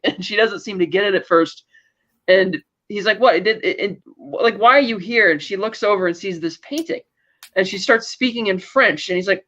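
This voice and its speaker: A man's voice: sits high, moderate pace, fairly bright tone, highs cut off. A man co-hosting a podcast, casually recapping a TV episode and loosely paraphrasing what the characters say. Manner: loose retelling, paraphrasing characters' lines with "blah, blah, blah". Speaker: podcast co-host.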